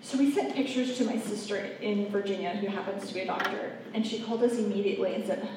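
A woman's voice: medium pitch, quick pace, hardly any pauses. Earnest woman in echoey room. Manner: earnest heartfelt storytelling, addresses audience directly. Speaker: speaker sharing a personal testimony. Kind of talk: faith testimony talk. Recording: echoey room, mic at a distance, faint background noise.

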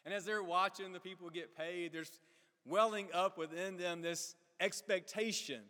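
A man's voice: on the high side, fairly bright tone, in a large hall. A man preaching a sermon. He keeps asking the congregation questions and acts out the characters in the story. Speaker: pastor.

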